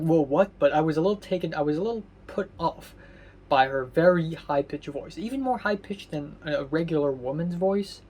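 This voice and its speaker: Man, home vlog diary, rambling and sardonic, slightly high voice. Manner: rambling, halting with many fillers and restarts; candid and mildly sardonic. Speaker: vlogger. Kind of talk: casual spoken diary.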